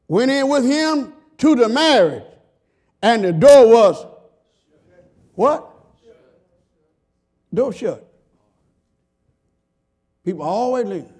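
Taking his time with long pauses and lively intonation, a pastor gives a sermon that alternates between shouts and quiet murmurs. He speaks folksily and emphatically, putting on a high pitch for quoted voices.

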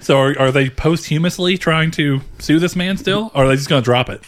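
A man's voice: on the high side, fairly quick. A man talking in a casual podcast chat, rambling through his thoughts, often restarting sentences and laughing.

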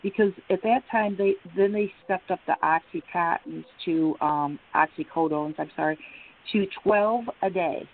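A woman's voice: on the low side, unhurried. A middle-aged woman telling a long personal story, rambling with many fillers and restarts. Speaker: guest. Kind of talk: emotional personal account. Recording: tinny phone line with faint hiss.

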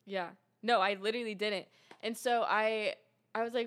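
A young adult woman shares her faith testimony as a guest in a casual chat. She's earnest, with many fillers and restarts, speaking briskly in a medium-pitched voice.

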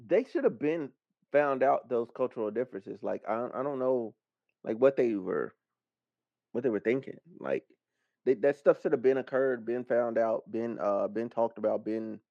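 A man's voice: medium pitch, lively intonation, moderate pace, creaky, dry recording. Blunt, joking man on a muffled mic. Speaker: podcast co-host. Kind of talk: casual chat.

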